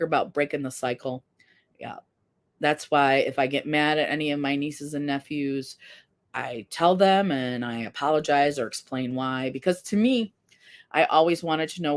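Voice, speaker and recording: A woman in her fifties hosting a casual live stream, talking candidly and earnestly while reading viewer comments. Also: sits low. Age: 50s. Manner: candid, earnest, self-deprecating.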